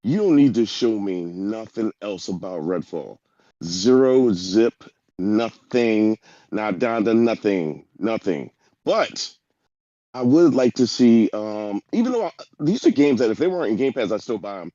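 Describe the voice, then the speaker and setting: A man's voice: fairly low pitch, sing-song, normal speed, warm tone, no room sound. A man as a podcast guest, talking emphatically and rambling in casual chat. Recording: dull dry lo-fi mic.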